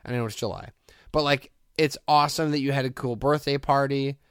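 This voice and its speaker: A man's voice: medium pitch, fairly even intonation, brisk, clear, resonant tone, no room sound, studio quality. A man co-hosting a casual podcast, ranting animatedly, swearing and laughing often. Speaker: podcast co-host. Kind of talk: casual banter.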